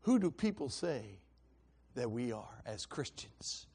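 A male preacher giving a sermon, shifting from easy storytelling with repeated words to loud, fervent proclamation. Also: medium pitch, big pitch swings, slow pace, slightly rough. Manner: builds from conversational storytelling to shouting fervor; repeats and restarts words while telling stories.

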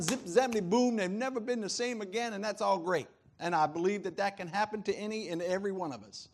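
Male pastor, high voice, lively preaching delivery with frequent laughs. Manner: animated preaching, laughs often, swings loud and soft. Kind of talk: sermon.

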